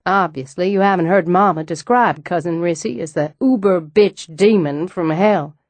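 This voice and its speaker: A woman's voice: lowish voice, moderate pace, a little mellow, dry recording, lightly acted. Woman putting on Harper, a wry young man.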